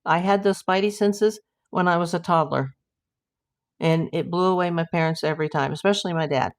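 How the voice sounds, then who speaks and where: A woman's voice: fairly low pitch, fairly quick. A middle-aged woman hosting a casual livestream, chatting and reading viewer comments aloud in a rambling way. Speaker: livestream host.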